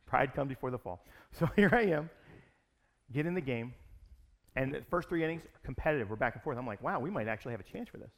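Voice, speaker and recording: A pastor telling a personal story in a sermon, in an animated, conversational way. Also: male voice, medium pitch, quick pace.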